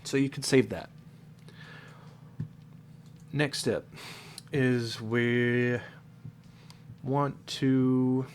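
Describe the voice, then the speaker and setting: A man's voice: mid-range voice, steady tone, drawn-out words, long pauses, a little hiss or hum. A man with a stuffed-up, congested nose, casually walking viewers through a modding tutorial, explaining loosely with fillers and self-corrections. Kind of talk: casual screen-recorded tutorial.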